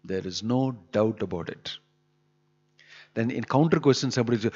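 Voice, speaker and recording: A man's voice: medium pitch, moderate pace, darkish tone, slightly rough, lo-fi sound. Emphatic man preaching a sermon. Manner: emphatic, scolding rhetorical questions. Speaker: spiritual teacher. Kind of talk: sermon on scripture.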